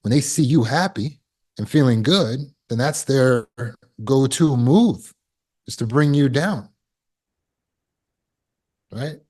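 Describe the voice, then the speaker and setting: A man's voice: mid-range voice, lively intonation, slow pace, pauses often, a little mellow. A man giving a spoken lesson to an online audience. As a healing course teacher, he asks rhetorical questions and repeats words while he thinks.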